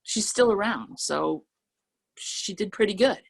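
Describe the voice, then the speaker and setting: A woman poet on a video call reading her poems slowly and telling chatty stories between them. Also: mid-range voice, animated, gravelly, husky. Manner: slow, measured reading of verse, then chatty storytelling. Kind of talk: poetry reading with anecdotes.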